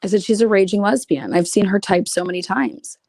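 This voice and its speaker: A woman's voice: medium pitch, animated, fairly quick, a little mellow, no room sound. A woman streaming casually, reading private messages aloud with blunt, sarcastic, profane asides. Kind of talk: casual livestream commentary.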